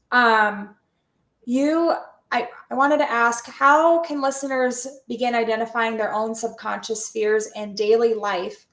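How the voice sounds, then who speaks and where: Gravelly-voiced woman host in an echoey room. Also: a little high, a bit bright. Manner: hesitant, restarts questions. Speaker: podcast host. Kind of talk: interview questions.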